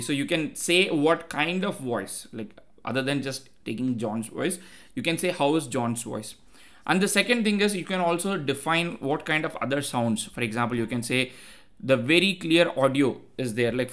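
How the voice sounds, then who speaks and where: Casting: man explaining a coding walkthrough, loose and chatty, mid-pitched voice. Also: a bit bright. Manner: explanatory, loose, many fillers like "uh" and "like"; talks to himself while looking things up. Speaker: tech tutorial host. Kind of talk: casual screen-share coding walkthrough.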